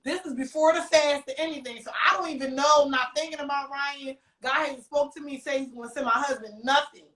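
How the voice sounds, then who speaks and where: A woman's voice: sits high, fairly quick, recorded from a distance. A woman, a podcast guest, telling a story casually and acting out quoted dialogue. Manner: animated, acts out quoted dialogue. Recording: echoey room, voice from off-mic.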